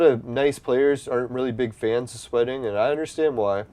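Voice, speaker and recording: Man, mid-pitched, casual game commentary, rambling, profane, stuffy nose. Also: moderate pace, dark tone, no echo. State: runny nose from allergies. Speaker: gameplay streamer.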